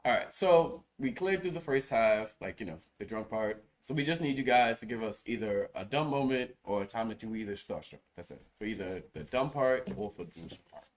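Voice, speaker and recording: A man's voice: fairly low pitch, animated, brisk, few pauses. A man hosting a casual podcast, steering the segment in a laid-back, slangy way. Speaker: podcast host.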